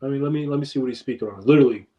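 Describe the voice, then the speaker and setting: A young man, a podcast guest, in casual chat, telling stories in a laid-back, slangy way that trails off quietly. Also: mid-range voice, racing.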